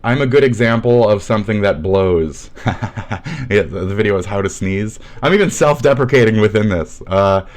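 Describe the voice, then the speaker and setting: A young Midwestern American man with a fairly low voice streams at a moderate pace, ranting sarcastically and swearing nonstop. Abrasive and mocking, he tears into commenters in profane livestream commentary.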